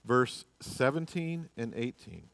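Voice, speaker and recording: A man teaching a casual Bible class in church, chatty and joking, dropping to quiet asides and rising to loud bursts. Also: mid-range voice, lively intonation, slow pace, gravelly, no room sound.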